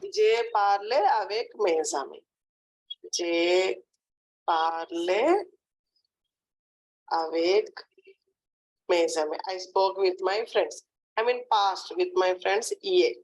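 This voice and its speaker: A woman teaching French in a lesson, drilling phrases slowly and often checking in with "hmm, d'accord". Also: mid-range voice, poor audio. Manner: slow, repetitive drilling with frequent "hmm, d'accord". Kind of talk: online language lesson.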